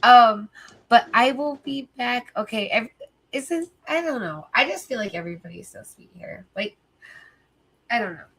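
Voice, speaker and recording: A woman's voice: on the high side, animated, normal speed, gravelly, a bit bright. Sleepy, rambling woman livestreamer. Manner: rambling, filler-heavy, profane. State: sleepy, tired. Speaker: livestream host. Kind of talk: casual livestream chat.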